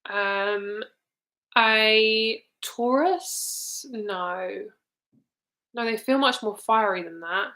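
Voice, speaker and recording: A woman's voice: medium pitch, very slow, pushed and bright. Chatty young woman giving a live card reading. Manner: casual, chatty, swears freely, trails off with ums. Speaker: tarot reader.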